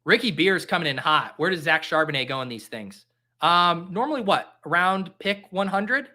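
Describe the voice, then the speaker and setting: A man's voice: a little high, expressive, moderate pace, bright, forceful tone. A young man hosting a live stream, chatting casually in a jokey, rambling, caffeinated way. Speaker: livestream host. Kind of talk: casual livestream chat.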